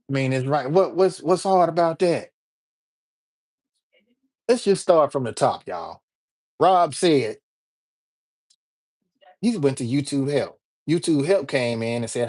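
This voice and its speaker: Animated man chatting on a livestream. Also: medium pitch, measured pace, pauses often. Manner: animated, repetitive, jokey, addresses viewers directly. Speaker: livestream host. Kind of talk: casual livestream chat.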